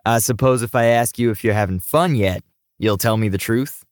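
A man voicing a big, modest young male quarterback who talks in a relaxed, gently teasing way. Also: mid-range voice, moderate pace, no echo, studio quality, close to an everyday voice. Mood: easygoing.

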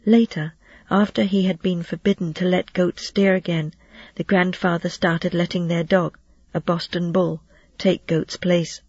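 An audiobook narrator telling a children's novel in a steady storytelling voice, now and then lightly voicing the characters. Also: mid-range voice, unhurried, husky, no echo. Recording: dull, dry lo-fi recording.

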